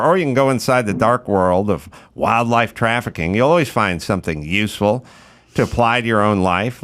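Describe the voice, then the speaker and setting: A man's voice: fairly low pitch, a bit bright, smooth, no echo. A middle-aged man hosting a podcast, trading blunt, profane, sardonic banter and reading a sponsor spot. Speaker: podcast host. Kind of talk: casual comedic banter and ad read.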